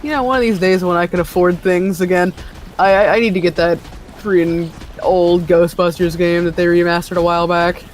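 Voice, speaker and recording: A streamer chatting casually with friends during a co-op game, playful and teasing and quick to laugh. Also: mid-range voice, fairly even intonation, slight background noise. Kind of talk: casual gaming chat.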